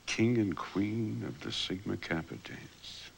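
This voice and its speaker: A man's voice: fairly low pitch, takes it slowly, vocal fry, slight background noise. An older man, an artist, telling candid stories from his life in a documentary, laughing often and acting out what people said. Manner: animated anecdotes, laughing often, acting out quotes.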